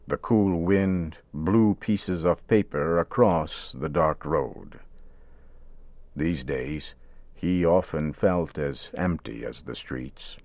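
A man narrating a radio story in measured, simple wording. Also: very deep voice, gravelly, a little mellow, dry recording.

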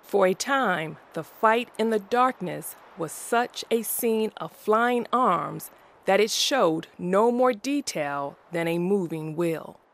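A woman reading a classic story aloud as narrator, in a slow, deliberate way. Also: medium pitch, animated.

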